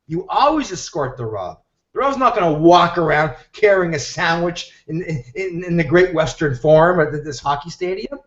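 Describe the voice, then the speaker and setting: A man telling a story in an animated way and acting out the voices of the people he quotes, heard over a live video call. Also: a little high, normal speed. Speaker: guest teacher. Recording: echoey, dull video-call audio.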